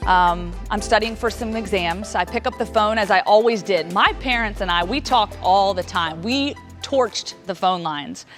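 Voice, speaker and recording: A woman in her thirties from Virginia giving a keynote talk, telling a personal story with dramatic pauses and sharp rises in pitch when she relives the shock. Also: soft background music. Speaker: keynote speaker.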